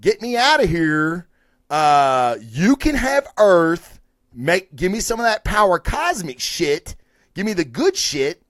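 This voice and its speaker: A man's voice: high voice, big pitch swings, takes it slowly, a bit bright, no echo, clean studio sound, full character voice. A man voicing an unhinged antihero, casual and profane. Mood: pleading. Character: unhinged male antihero striking a deal.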